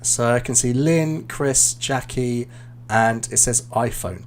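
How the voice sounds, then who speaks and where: A British man, an IELTS teacher, giving relaxed, explanatory feedback in a live online class, with plenty of ums and uhs. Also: medium pitch, slow, slight background noise.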